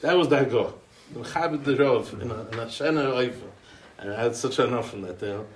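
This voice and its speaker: Speaking fairly quickly in a medium-pitched voice, an American man offers a eulogy as a loose chain of anecdotes, dotted with Yiddish and Hebrew yeshiva terms. He chuckles and restarts as he rambles along, and the roomy, distant-mic recording carries a little hiss or hum.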